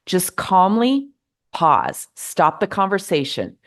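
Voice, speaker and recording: A middle-aged American woman hosts a podcast, offering earnest, measured advice in a gently encouraging monologue. Her voice is fairly low in pitch but swings hugely up and down.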